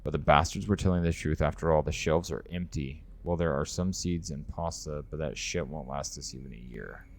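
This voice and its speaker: A man's voice: very deep voice, brisk, few pauses, a little hiss or hum. An actor voicing a grim male survivor in a video game, speaking in a bitter, weary, cursing manner. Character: grim male survivor grumbling about empty stores. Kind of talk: video game cutscene dialogue.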